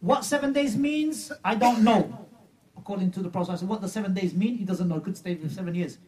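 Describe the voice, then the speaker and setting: A man's voice: sits high, a little fast, darkish tone, recorded from a distance, slight background noise. A man preaching a sermon, emphatic and mocking as he retells a story.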